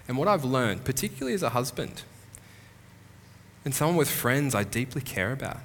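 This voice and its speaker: A pastor with a lowish voice teaches a sermon in a church hall, his words trailing off into a long reverb. He is earnest and emphatic and slows right down to lean on the key phrases. A faint hum of background noise sits under the voice. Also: fairly bright tone. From Australia. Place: church hall, live lecture.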